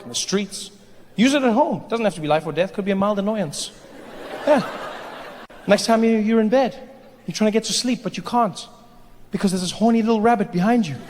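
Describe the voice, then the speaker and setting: A man performing a stand-up comedy set, animated, conversational and playful. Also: high voice. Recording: hall reverb, faint noise.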